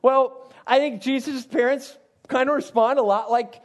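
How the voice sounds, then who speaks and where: A man's voice: very high voice, steady tone, moderate pace. A man, a youth pastor, teaching from the Bible in a casual, conversational way with frequent asides to his listeners.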